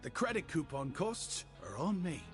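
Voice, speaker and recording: Polite english shop boy, flowery and humble, lively ups and downs, soft music behind. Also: on the high side, normal speed. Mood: friendly. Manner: flowery, overly courteous speech. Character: young male shopkeeper, eager, humble and polite. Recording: game audio with faint music behind.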